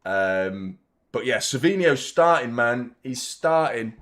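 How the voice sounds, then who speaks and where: A man's voice: medium pitch, expressive, slow pace, a bit bright. Exasperated man hosting a live watchalong. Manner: rambling, exasperated, swears casually. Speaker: football fan channel host.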